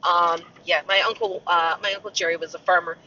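A woman's voice: fairly low pitch, fairly even intonation, fairly quick, bright, forceful tone, slight background noise. A woman in her forties chatting casually as she drives, rambling and jumping from tangent to tangent about whatever she passes. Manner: rambling, jumps to tangents about passing sights. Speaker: podcaster. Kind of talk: casual chat while driving. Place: inside a car on a country road. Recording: dull, muffled audio from a distance.

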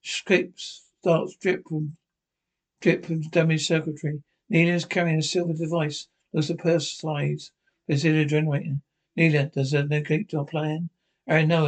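A narrator with a higher male voice reads aloud a fan's scene description of a TV episode. His reading is halting, full of stumbles and repeated words.

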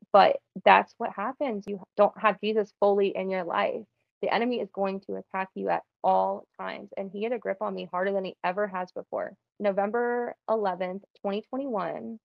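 A woman's voice: medium pitch, creaky, dry recording, highs cut off. A young woman telling her personal faith testimony in a casual, earnest way, often saying "like". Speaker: guest sharing testimony.

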